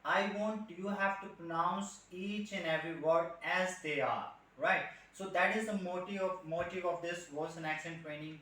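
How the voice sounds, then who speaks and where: A male English trainer with an Indian accent, speaking in a fairly high, bright voice. He explains patiently, demonstrates sounds and keeps checking in with his learners. His voice rings around a very echoey room and comes from a little away from the mic. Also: steady tone, normal speed, hardly any pauses, distant mic. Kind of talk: spoken English lesson.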